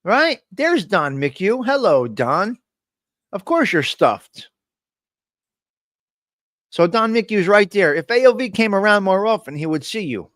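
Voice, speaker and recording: A man's voice: sits high, sing-song, takes it slowly, long pauses, a bit bright, dry recording, studio quality. A man hosting a casual live stream, joking loosely and calling out his chat viewers by name. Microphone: desk microphone.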